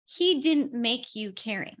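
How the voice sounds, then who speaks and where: Female branding coach, higher voice, earnest and emphatic. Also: expressive, takes it slowly. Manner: earnest, emphatic, repeats key points. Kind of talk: coaching in conversation.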